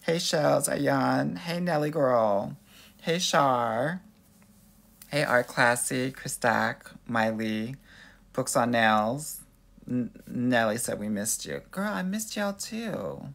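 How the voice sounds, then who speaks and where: A man's voice: medium pitch, slow pace, vocal fry, a bit bright. A man from Los Angeles, a dating coach hosting a live stream, greeting viewers and reading their comments in a sassy, playful way, calling them honey and girl. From Los Angeles, USA.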